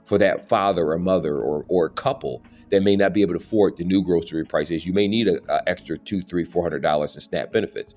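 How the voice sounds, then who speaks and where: A man's voice: deep voice, fast talker, few pauses, a little mellow, faint music behind. A man talking to his channel viewers in an earnest, preachy way, now and then stumbling over his words. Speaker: YouTube channel host. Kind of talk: casual opinion monologue.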